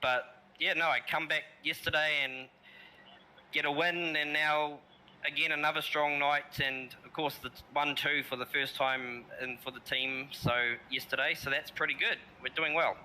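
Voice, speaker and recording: A man from New Zealand with a Kiwi accent, a sim racing driver chatting in a relaxed, rambling way mid-race. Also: fairly high pitch, normal speed, slight background noise, low-quality recording. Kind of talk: casual interview while racing.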